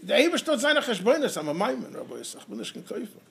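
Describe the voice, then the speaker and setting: A man giving a Torah lecture in English, animated, peppered with Hebrew and Yiddish terms and telling stories with quoted dialogue. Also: high voice, fast talker, creaky. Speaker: rabbi teaching halacha.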